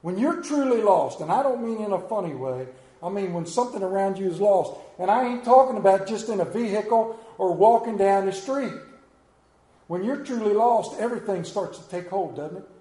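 Pastor, man, high-pitched and mellow, preaches with swelling emphasis; roomy church sound. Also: lively intonation, moderate pace. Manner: storytelling preacher, rising and falling emphasis. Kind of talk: sermon.

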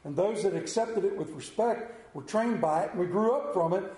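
A man in his fifties preaching a sermon, telling a folksy personal story and rising in pitch and volume as he drives points home. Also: moderate pace, roomy sound. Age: 50s. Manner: folksy storytelling, rises loud and high when preaching.

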